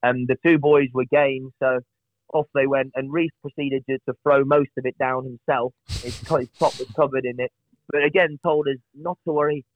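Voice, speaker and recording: A man's voice: mid-range voice, fairly even intonation, moderate pace, no room sound. A man, a podcast guest, telling chatty, self-deprecating stories with lots of restarts. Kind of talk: casual storytelling on a podcast. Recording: tinny phone-like line, dry.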